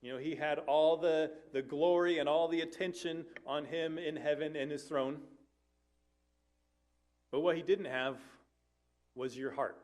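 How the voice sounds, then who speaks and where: A man's voice: a little high, steady tone, measured pace, pauses often, a little mellow. A man, a family life minister, preaching an earnest sermon to a church, with conversational asides and occasional self-corrections.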